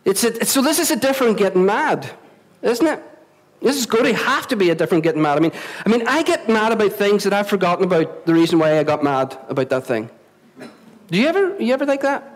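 A Northern Irish man with a high voice delivers a sermon to his congregation. He talks in a chatty way, repeating words and asking the room questions. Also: sing-song, fast talker, low-quality recording. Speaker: pastor. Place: church venue before a congregation.

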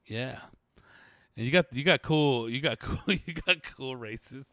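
A man's voice: mid-range voice, measured pace, a bit bright, no room sound, studio quality. A man from Southern California in casual comedic chat, laid-back and profane, laughing often.

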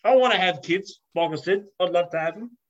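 A man with a high-pitched voice rants through a story in casual podcast chat. He swears freely and slips into voices for the people he describes. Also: fairly quick, dull audio. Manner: animated ranting, swears, acts out voices.

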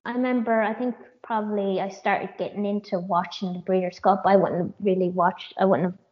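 A woman's voice: mid-range voice, steady tone, normal speed, lo-fi sound. A woman from Ireland with an Irish accent, a jockey answering interview questions in a casual, hesitant way with many fillers and restarts. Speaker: jockey, guest.

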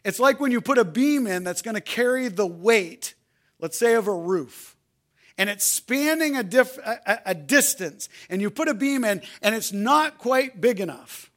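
A male pastor preaching a sermon, repeating key phrases, swinging between hushed, soft delivery and loud shouted appeals. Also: high-pitched, lively intonation, moderate pace.

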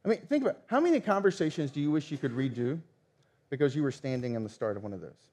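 Male pastor, thirties, slightly high voice, animated storyteller who acts out quotes. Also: quick pace. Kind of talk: sermon.

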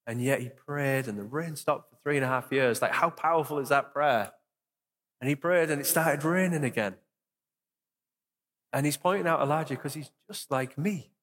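A young man preaches as a pastor in a church hall, his mid-pitched voice carried by a long, lingering reverb. He is earnest and encouraging and repeats key phrases for emphasis. He leads the room in prayer in the same steady sermon manner. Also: normal speed.

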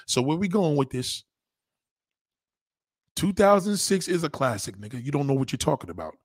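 At a moderate pace, a male livestreamer mocks a viewer's comment in a heated, profane rant, restating his points for emphasis. His delivery is animated, with pitch jumps whenever he's indignant. The audio is clean studio sound with no echo.

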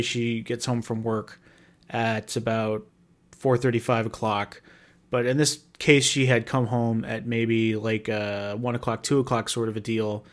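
A man talks alone into the mic for his podcast in a loose, rambling monologue. He is wry and self-mocking and swears casually as he talks. His voice sits at an ordinary middle pitch. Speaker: podcast host.

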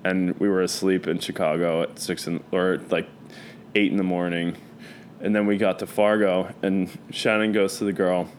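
Rambling, low-voiced man with faint hiss. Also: little pitch movement, moderate pace. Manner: rambling storyteller, loose and profane, many fillers. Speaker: guest. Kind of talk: casual chat.

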